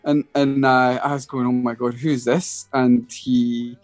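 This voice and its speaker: A man's voice: medium pitch, unhurried, dry recording, faint music behind. A Scottish man, a guest musician, telling a casual anecdote in an interview, hesitant with many restarts. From Scotland. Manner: hesitant, restarts often, animated storytelling.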